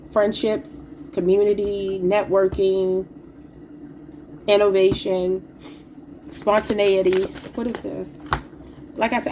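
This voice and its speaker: There's background noise behind this woman's mid-range voice as she does a casual tarot reading. She talks to her viewers informally, calls them y'all, and comes across as a bit sick and emotional.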